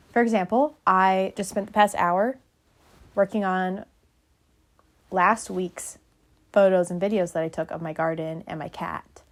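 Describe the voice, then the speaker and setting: A young woman vlogger narrating casually, chatty and rambling with a self-deprecating streak. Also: fairly low pitch.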